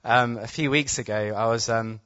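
A man preaching, telling a healing story with excited laughter, then praying with urgent declarations over the crowd. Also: medium pitch, moderate pace, no echo. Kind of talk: testimony storytelling and healing prayer. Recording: dull, slightly muffled sound.

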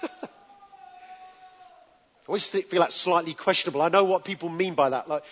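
A man with a fairly high voice preaches a sermon to a live congregation, chatty and direct, coaxing them to repeat words after him. The sound is dull and lo-fi, and his voice rings with a long hall reverb. He keeps it loose and conversational rather than grand. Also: brisk, long pauses, fairly bright tone. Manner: conversational, asks the congregation to answer back.

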